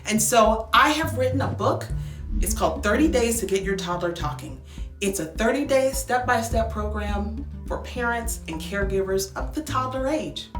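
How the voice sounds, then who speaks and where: A woman's voice: a little high, lively intonation, normal speed, a bit bright, reverberant, soft background music. A woman who is a speech language pathologist, giving upbeat, coaching advice to parents and demonstrating with exaggerated tones. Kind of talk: instructional talk to parents.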